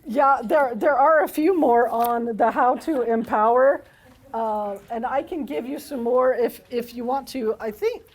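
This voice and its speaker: A woman's voice: fairly high pitch, a little slow, a little mellow. A woman counselor and parent trainer giving a parenting workshop talk, speaking conversationally and often checking in with "okay?".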